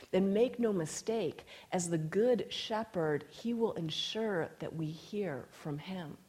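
A woman's voice: mid-range voice, a little mellow. Woman telling a sermon story. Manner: storytelling, reads scripture aloud with emphasis. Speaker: speaker.

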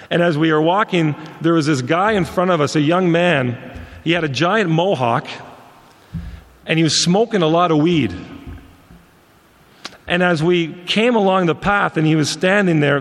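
A man with a fairly high, gravelly voice tells stories in a folksy sermon. His words ring out with the long reverb of a big hall. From Montreal. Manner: folksy anecdotal storyteller. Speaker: ministry leader and guest speaker. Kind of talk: storytelling sermon talk.

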